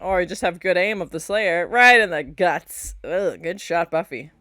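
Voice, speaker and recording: Female reaction host with a bright, crisp voice, chatty and animated. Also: fairly low pitch, moderate pace, no echo. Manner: animated, chatty, often squeals and laughs. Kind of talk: reaction commentary.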